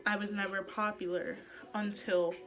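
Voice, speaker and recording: A woman's voice: mid-range voice, level tone, moderate pace, fairly bright tone, faint music behind. Young woman vlogging, heartfelt and chatty. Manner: chatty, heartfelt, many "like" and "um" fillers. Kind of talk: casual personal vlog talk.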